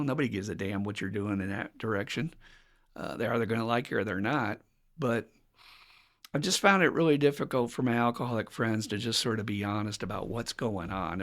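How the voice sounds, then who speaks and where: A man from the United States who hosts a recovery podcast and talks like a straight-shooting sponsor. His voice is mid-pitched with a gravelly roughness. He is blunt and candid, and he laughs easily. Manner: frank, blunt, swears, laughs often.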